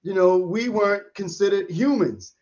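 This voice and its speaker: A man in a casual debate who talks in a measured way and hedges a lot with "you know". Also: high-pitched, darkish tone. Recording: dull lo-fi sound.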